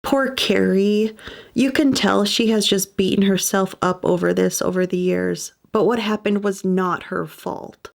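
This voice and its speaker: A woman's voice: mid-range voice, steady tone, measured pace, creaky. A woman hosting a podcast, reading scripted true-crime narration with sympathetic personal asides. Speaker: podcast host.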